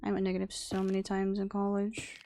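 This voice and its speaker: A woman's voice: medium pitch, completely flat delivery, brisk, mellow, slight background noise. A young adult woman streaming a game, chatting casually, muttering to herself and scolding the game's animals. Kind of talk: casual gameplay chat.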